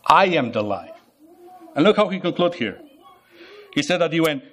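Emphatic higher-voiced male preacher. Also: sing-song, moderate pace, long pauses. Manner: emphatic, repeats phrases, asks the listeners rhetorical questions. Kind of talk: sermon.

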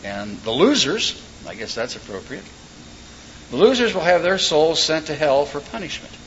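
Folksy joking preacher, lo-fi recording. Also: male voice, a little high, very animated, normal speed. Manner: folksy, joking asides and told stories. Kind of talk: sermon. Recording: dull lo-fi recording with faint background noise.

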